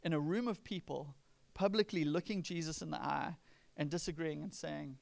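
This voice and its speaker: Gravelly-voiced man preaching conversationally. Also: on the high side, moderate pace. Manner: conversational preaching, acts out quoted lines with rising emphasis. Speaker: pastor. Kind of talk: sermon.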